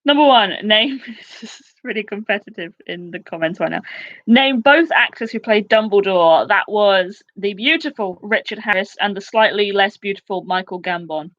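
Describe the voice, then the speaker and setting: A woman in her twenties hosting a casual live quiz, chatty and excitable, with quick asides. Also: medium pitch, muffled recording. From United Kingdom. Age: 20s. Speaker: quiz host.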